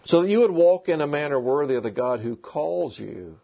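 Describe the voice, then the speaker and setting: A man's voice: on the high side, lively intonation, moderate pace, creaky. A man preaching a sermon to a congregation, emphatic and repeating key words. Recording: dull lo-fi recording.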